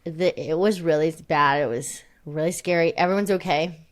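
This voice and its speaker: A woman's voice: deep voice, moderate pace. A young woman co-hosting a podcast, chatting casually in a rambling, self-deprecating way and laughing often. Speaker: podcast co-host. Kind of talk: casual chat.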